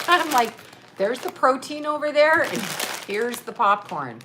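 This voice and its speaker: A woman's voice: a little high, moderate pace, background noise. A middle-aged woman vlogging at home, unboxing a care package with lots of laughing and exclamations. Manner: excitable, laughs often, exclaims "oh my God".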